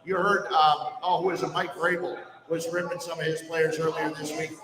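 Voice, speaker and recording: A man with a slightly high voice hosts a live sports talk podcast, laying out blunt, emphatic opinions. He sits some distance from the mic in a long-reverb hall. A crowd murmurs steadily behind him. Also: flat delivery, normal speed. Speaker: sports radio host. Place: brewery release party, indoors. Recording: echoey hall, mic far off, crowd chatter.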